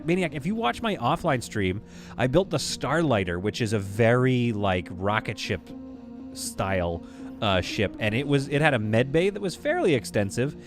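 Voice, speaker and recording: A man casually talking through a game on a live stream, reading viewer comments aloud. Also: mid-range voice. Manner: casual, chatty, reads chat aloud.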